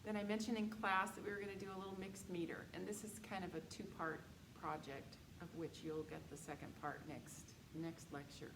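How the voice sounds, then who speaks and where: A woman's voice: on the low side, flat delivery, fairly quick, hardly any pauses. A woman teaching a music theory lecture, patiently explaining dictation exercises and counting beats aloud. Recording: echoey room with background noise.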